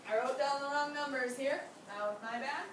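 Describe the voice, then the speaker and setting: A woman's voice: high-pitched, a little fast. A young woman teaching a class, who encourages her students and asks them many questions. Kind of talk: classroom lesson. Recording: echoey room from far off, background noise.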